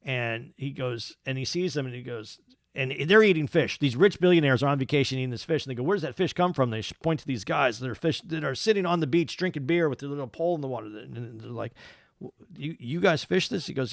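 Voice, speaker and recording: A man with a slightly high voice, chatting loosely on a podcast and stumbling through repeated words and restarts. The sound is dry and close, with no room around it. He circles his points instead of landing them directly. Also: animated, fast talker, creaky, dry recording. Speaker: podcast co-host. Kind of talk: casual podcast chat.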